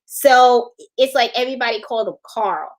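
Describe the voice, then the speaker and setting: A middle-aged woman chats casually on a live sewing stream, and her voice sits a little high. She rambles from story to story, laughs easily and stops to answer viewer comments. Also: normal speed. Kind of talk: casual livestream chat.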